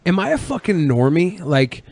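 A man's voice: high voice, sing-song, moderate pace, a little mellow, slight background noise. A man co-hosting a podcast, riffing crudely and joking in casual chat. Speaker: podcast co-host.

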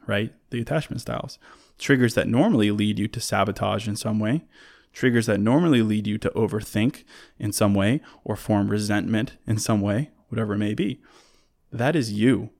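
A man with a low, gravelly voice hosts a solo talk on relationships. He speaks in a conversational, earnest way and walks through his points one by one, often restarting a word as he goes. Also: a little mellow. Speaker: relationship advice host.

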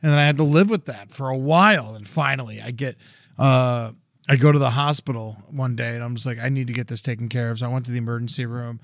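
A man's voice: mid-range voice, fast, dry recording, clean studio sound. A man co-hosting a casual chat, telling a long story with lots of swearing and acting out quotes in a raised voice. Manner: animated, profane, acts out quotes in raised voice. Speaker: podcast co-host.

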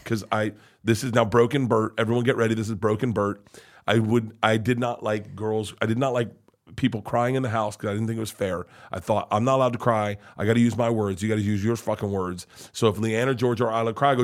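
A man's voice: mid-range voice, fairly quick. A middle-aged man, a podcast guest, telling personal stories in a loose, rambling way, with lots of swearing, restarts and laughter. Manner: rambling, profane, emotional, with frequent restarts and laughs. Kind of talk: casual storytelling chat.

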